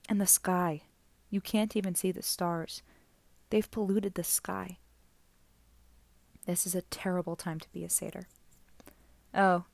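A woman's voice: on the low side, gravelly, darkish tone, no echo. A woman narrating an audiobook chapter, reading the dialogue without separate character voices.

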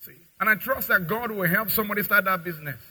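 A man preaches in a lively way, breaking into acted scenes between parents, children and customers. His voice is bright and cutting, pitched fairly high, with a husky edge. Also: quick pace, rough recording. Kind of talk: sermon with acted dialogue.

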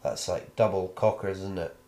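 A man's voice: low voice, fairly even intonation, normal speed, dark tone. A British man co-hosting a dog podcast, jokey and playful, rambling through his points in casual chat. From Britain. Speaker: podcast co-host. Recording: echoey room.

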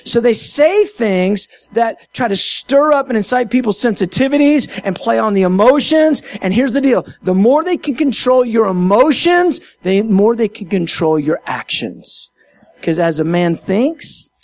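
Man, high-pitched, gravelly, Christian minister, emphatic sermon-like talk, repeats phrases. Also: lively intonation, unhurried, dry recording. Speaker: Christian minister speaking to his audience. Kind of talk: impassioned casual talk, half sermon.

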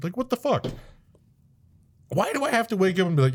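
A man in casual chat, ranting with profanity and sudden loud outbursts. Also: sits high, sing-song, fairly quick.

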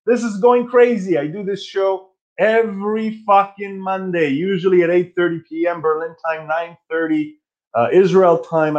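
A man's voice: high voice, a little mellow, dull audio. A man in his forties hosting a casual live stream from his old bedroom, ranting and telling stories in a profane, self-mocking way. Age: 40s.

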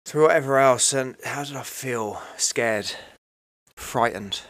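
A man's voice: medium pitch, slow, a bit bright, dry recording. A man, telling his own story in a candid, emotional, rambling way, often asking "right?" and "you know". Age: 30s. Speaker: podcast guest.

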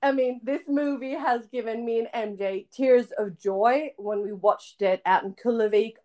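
A woman's voice: fairly high pitch, normal speed, dark tone. A young woman hosting a casual podcast chat, giggly and chatty with lots of fillers. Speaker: podcast host.

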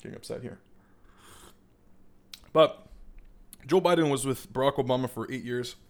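Young canadian guy ranting, cursing a lot, rambly and fired up, mid-pitched voice. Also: moderate pace. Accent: Canadian English. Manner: profane, rambling, heated, digresses often. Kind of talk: casual political rant.

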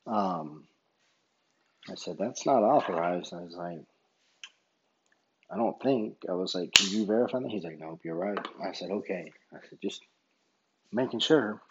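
A man's voice: low-pitched, lively intonation, measured pace, pauses often, lo-fi sound, noisy background. A man who referees basketball, casually telling a story in a rambling way and retelling each exchange line by line. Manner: rambling, retells dialogue with many "I said".

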